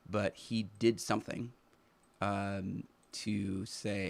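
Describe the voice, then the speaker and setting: A man hosting a live stream, talking through his views in an earnest, halting way, with many fillers and restarts as he thinks aloud. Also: lowish voice, flat delivery, vocal fry. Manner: earnest, reflective. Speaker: teacher. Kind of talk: unscripted live stream commentary.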